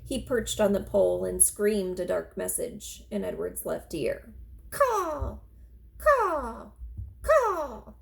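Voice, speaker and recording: A woman teacher reading a children's chapter book aloud in an expressive, steady storytelling manner. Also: on the low side, unhurried, gravelly, hardly any pauses, rough recording.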